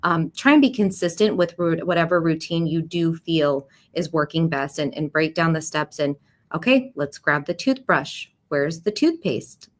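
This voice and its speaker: A woman hosting a caregiving livestream, introducing topics and guests with fillers and repeated words. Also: fairly low pitch. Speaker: livestream host. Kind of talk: livestream panel talk.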